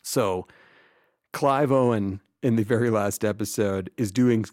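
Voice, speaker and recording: A middle-aged man with a lowish voice co-hosts a casual comedy chat, wry and easily amused. The sound is close and dry, without room echo. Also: a little mellow. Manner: wry, enthusiastic, quick to laugh. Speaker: podcast co-host.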